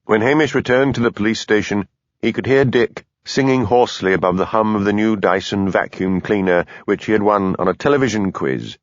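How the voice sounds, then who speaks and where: A man narrating an audiobook in a measured, even storytelling manner. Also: fairly low pitch, dry recording, highs cut off. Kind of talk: scripted narration.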